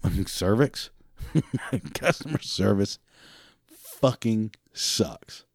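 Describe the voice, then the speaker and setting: Speaking extremely slowly in a lowish, creaky voice with lively intonation, a man from a parts department drinks beer and delivers a profane rant about customer service calls, imitating the callers. The sound is clean studio audio with no room sound.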